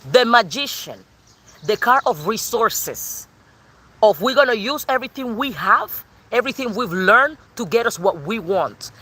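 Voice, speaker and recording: A woman's voice: on the high side, expressive, measured pace, pushed and bright, slight background noise. A woman with a Cuban accent giving a channeled tarot reading in an emphatic, sassy way that repeats her points. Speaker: tarot reader.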